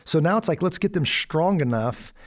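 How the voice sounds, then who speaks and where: A man's voice: on the high side, expressive, normal speed. A middle-aged American man, a podcast guest, telling a story in casual chat. He acts out the quotes and laughs often. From United States.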